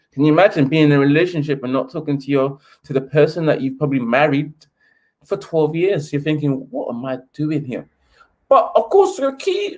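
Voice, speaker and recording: A British man with a high voice hosts a casual football live stream. He rants with sarcasm, slightly sniffly, and mocks quotes in a posh reading voice. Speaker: football channel host.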